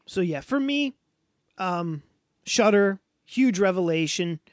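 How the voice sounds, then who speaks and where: High-voiced man rambling in casual chat. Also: lively intonation, slow, no room sound, clean studio sound. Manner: rambling, lots of fillers. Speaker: podcast co-host.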